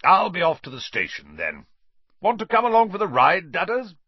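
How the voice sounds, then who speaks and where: A man's voice: high-pitched, huge pitch swings, moderate pace, husky, no echo, pitched above the performer's own voice, exaggerated voice. A man voicing a blustering, bullying middle-aged uncle who snarls threats. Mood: hearty. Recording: dull, dry recording.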